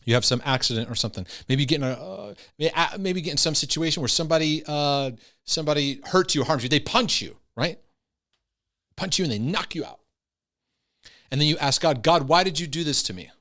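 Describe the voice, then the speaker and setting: A middle-aged man giving a casual Christian teaching talk on anxiety and intrusive thoughts, chatty and animated, often acting out little voices and ending points with "right?". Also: fairly high pitch, brisk. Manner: conversational, acts out voices with tag questions.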